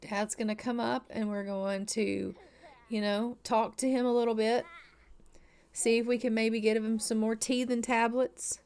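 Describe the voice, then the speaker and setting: Playful woman game narrator, chatty, gushing, a bit high-pitched. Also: flat delivery, unhurried, darkish tone, clean tone. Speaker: gaming YouTuber. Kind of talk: casual let's-play narration.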